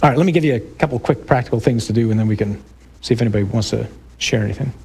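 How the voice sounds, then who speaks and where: A man's voice: mid-range voice, rapid-fire, gravelly, a little mellow, husky. A male priest giving an emphatic, conversational talk to a group, with rhetorical questions.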